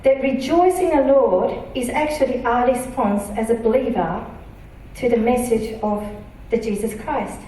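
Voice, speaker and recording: A woman pastor preaching a sermon, earnest and emphatic, reading scripture slowly. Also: fairly high pitch, warm tone, a little hiss or hum. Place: church auditorium. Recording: echoey church hall from a distance.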